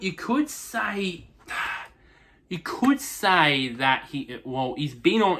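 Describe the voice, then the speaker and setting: A man's voice: mid-range voice, pushed and bright. A man giving a casual motorsport race review in a rambling way, with constant restarts and fillers.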